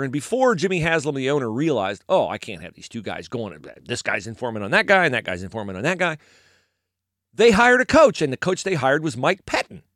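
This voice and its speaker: A man's voice: fairly high pitch, no room sound, studio quality. A middle-aged man hosting a podcast, chatting casually about sports and reading an ad, telling stories with frequent chuckles. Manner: animated, storytelling, chuckles often. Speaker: podcast host. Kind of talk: casual sports chat with ad read.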